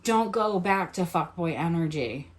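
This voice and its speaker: New england woman doing a tarot reading, kinda low voice, animated, swears a lot, does little voices for the quotes. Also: unhurried. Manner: animated, acts out quoted lines, swears casually. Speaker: tarot reader. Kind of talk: casual tarot reading to camera.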